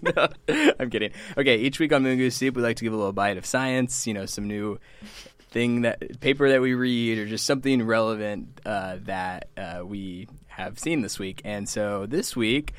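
Low-voiced man co-hosting a radio show. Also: smooth, no echo. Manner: relaxed, joking, fillers and quick laughs. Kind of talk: casual radio chat.

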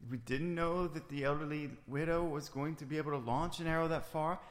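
A man's voice: a little high, steady tone, a little fast, lightly acted. A man doing a haughty Scandinavian guard, indignant and formal, in a long echoey reverb. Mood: earnest. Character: pompous Scandinavian male security guard running burials. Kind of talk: improvised comedy audio drama.

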